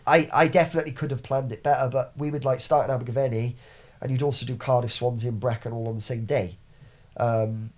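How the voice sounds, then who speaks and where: Young man, podcast guest, quick and rambling, swears a lot, restarts sentences. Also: medium pitch, steady tone, a little mellow. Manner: fast, rambling storytelling with frequent swearing and restarts. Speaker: podcast guest, business owner. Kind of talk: casual chat.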